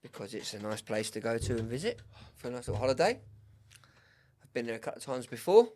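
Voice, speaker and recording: A man's voice: medium pitch, sing-song, fast, a little mellow. A young man co-hosting a podcast, telling his holiday story in an easygoing, agreeable way and laughing often. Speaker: podcast co-host. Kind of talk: casual chat.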